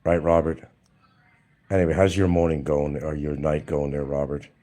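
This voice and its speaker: A man's voice: very deep voice, level tone, normal speed, mellow. A man hosting a live stream, talking casually in a blunt, mocking way to his viewers. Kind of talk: casual livestream monologue.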